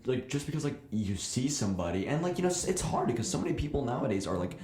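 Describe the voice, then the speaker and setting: A man's voice: mid-range voice, very animated, fast talker, darkish tone, roomy sound. A young man co-hosting a casual podcast, talking hesitantly with lots of "like" and "I mean". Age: young adult. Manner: hesitant, many fillers like "like" and "I mean". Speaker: co-host and protege. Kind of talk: casual chat.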